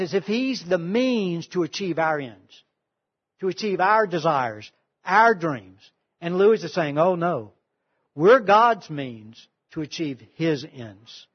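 High-voiced man preaching a sermon. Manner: storytelling with emphatic swings in loudness and pace. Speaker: pastor. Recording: dull lo-fi sound.

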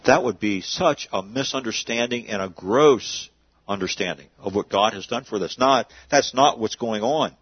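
A pastor preaches in an easygoing, conversational way, posing questions and answering them himself. His voice is husky, and the recording sounds dry and somewhat dull. He speaks at a middling pitch. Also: moderate pace, no echo. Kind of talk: sermon.

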